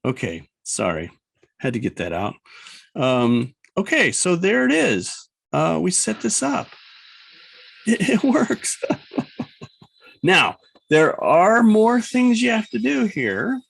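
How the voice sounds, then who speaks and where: A man teaching an animation software class, rambling and thinking aloud as he works. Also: high voice, huge pitch swings, slow pace, gravelly, no echo, poor audio. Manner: rambling, chatty, thinks aloud with laughs and sound effects. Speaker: animation instructor. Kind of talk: casual screen-recorded class demo.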